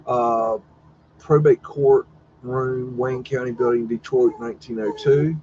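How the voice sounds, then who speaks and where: A man's voice: mid-range voice, steady tone, measured pace, mellow, lo-fi sound, slight background noise. Rambling man hosting a live stream. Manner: rambling, profane, wondering aloud, teasing his dog. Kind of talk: casual live-stream commentary on old photos.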